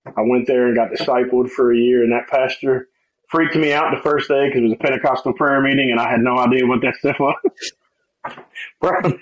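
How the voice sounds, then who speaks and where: A middle-aged man tells his story in a relaxed, talkative way, slipping into other people's voices as he quotes them and laughing along. His voice sits at an ordinary middle pitch. The recording sounds a little dull and lo-fi. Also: fairly quick. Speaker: guest sharing testimony. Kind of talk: conversational testimony.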